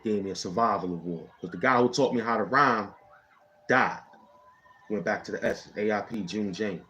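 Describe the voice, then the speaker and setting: Man host, lowish register, loose slangy storyteller who rambles and keeps checking in with the listener. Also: moderate pace, bright, forceful tone, highs cut off. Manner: rambling, slangy street talk with frequent "you know what I'm saying". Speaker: channel host telling a personal story. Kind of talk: casual storytelling.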